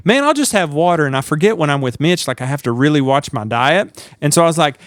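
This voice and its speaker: Animated storytelling man, Southern drawl. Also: a little high, fast, hardly any pauses, no room sound, studio quality. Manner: animated, laughing, acts out quotes. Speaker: podcast co-host. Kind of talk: casual storytelling chat.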